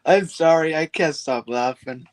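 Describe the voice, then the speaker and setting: A man's voice: fairly high pitch, unhurried, dry recording. A man hosting a casual chat, who laughs often and reacts in short bursts.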